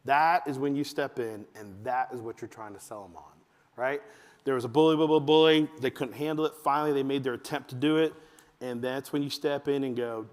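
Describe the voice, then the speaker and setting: A man giving a talk to fathers at church, telling family stories and acting out his kids in a high voice. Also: brisk. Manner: animated storytelling, acts out his kids in a high voice. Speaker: men's ministry speaker. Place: church hall. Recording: long hall reverb.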